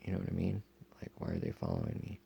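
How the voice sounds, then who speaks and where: Gravelly deep-voiced man, rambling and profane. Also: huge pitch swings, fast talker, dark tone, slight background noise. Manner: rambling, profane, lots of fillers. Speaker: storyteller. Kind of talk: casual first-person account.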